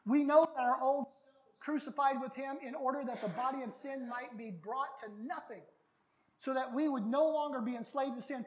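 A middle-aged male pastor preaching a baptism sermon in a folksy, animated way, sometimes breaking into shouts. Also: very high-pitched, normal speed.

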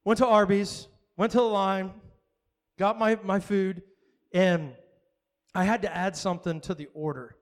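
A man's voice: sits high, unhurried, long pauses. A male pastor preaching a sermon, telling a story with acted-out dialogue and frequent laughs. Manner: animated storytelling, acts out dialogue, laughs often.

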